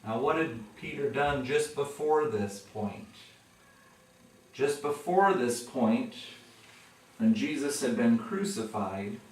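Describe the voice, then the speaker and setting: A man preaches a sermon at an unhurried, measured pace. He acts out the people in his story, his voice climbing louder and higher whenever he quotes them. He is heard from some distance away in a strongly echoing room. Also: animated. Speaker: pastor. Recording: echoey room from far off.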